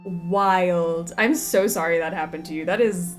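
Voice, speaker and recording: A woman's voice: on the low side, slow pace, pauses often, soft background music. A young woman streaming a game, reading in-game text aloud and chatting with viewers, a bit out of breath. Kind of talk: casual gameplay commentary and reading aloud.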